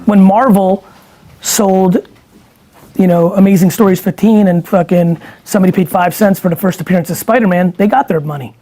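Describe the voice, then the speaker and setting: A man's voice: sits high, moderate pace, warm tone. A middle-aged man talking casually as an interview guest, emphatic and profane, often rambling through his points.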